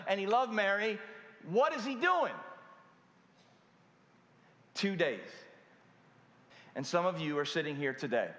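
A man with a high, light voice preaches a sermon from the front of a church. He stretches words out, lets pauses hang and throws rhetorical questions at the congregation. His voice rings through a roomy sanctuary with a long, echoing tail. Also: a bit bright, lo-fi sound. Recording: echoey hall with long reverb.

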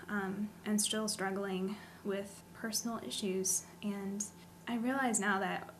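A woman guest sharing a personal faith testimony in a soft-spoken, sincere way. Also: mid-range voice, steady tone, slow, slight background noise.

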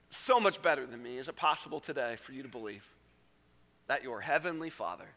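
A man delivering an earnest sermon as pastor, dropping into hushed low phrases and then rising to emphatic raised ones. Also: lively intonation, fairly quick. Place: church sanctuary. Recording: long reverb of a church hall.

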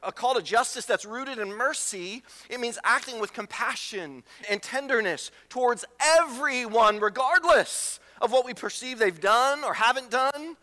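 Guy pastor preaching, bright high voice, keeps repeating himself and asking the crowd questions. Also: animated, a little slow, few pauses, big-room sound. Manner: emphatic preaching with repetitions and rhetorical questions. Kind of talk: sermon.

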